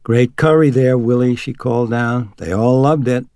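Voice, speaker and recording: A man's voice: low-pitched, unhurried, a little mellow, husky, dry recording, studio quality, full character voice. A man voicing a tired, wry mother at the end of a long evening. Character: weary, exasperated mother in her thirties.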